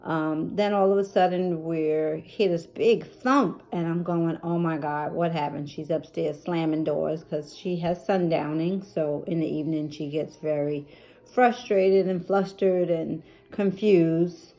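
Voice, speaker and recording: Mellow-voiced middle-aged woman telling a story. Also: deep voice, steady tone, measured pace. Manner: chatty and emotional, with many fillers. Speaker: caregiver vlogger. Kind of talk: personal storytelling.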